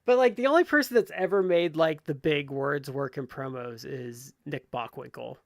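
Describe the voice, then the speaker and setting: A man with a fairly high, creaky voice co-hosts a casual wrestling podcast, speaking at a moderate pace and chatting with lots of "like" as filler. There's no room sound.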